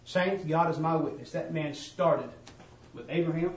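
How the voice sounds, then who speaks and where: A man preaching a testimony sermon and calling out to the congregation, switching between loud bursts and hushed asides. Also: fairly high pitch, moderate pace, reverberant, distant mic, rough recording.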